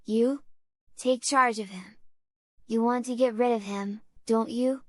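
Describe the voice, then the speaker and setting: A coarse, grasping village man talks bluntly in rough, ungrammatical speech. A woman voices him in a storybook reading. The sound is close and dry, with no room around it. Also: fairly high pitch, fairly even intonation, slow pace, no room sound. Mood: wheedling. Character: coarse greedy rural foster father, man.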